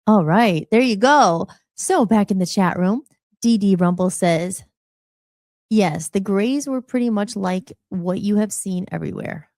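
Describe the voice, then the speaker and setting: A woman's voice: medium pitch, unhurried, music in the background. A woman hosting a live talk show, chatting casually and jokingly as she jumps from topic to topic. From United States. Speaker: host.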